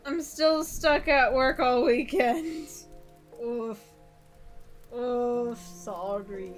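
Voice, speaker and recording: A woman's voice: high-pitched, big pitch swings, very slow, faint music behind. A woman from Georgia in the US, streaming while doing nail art and chatting casually, rambling and giggling, with the odd swear.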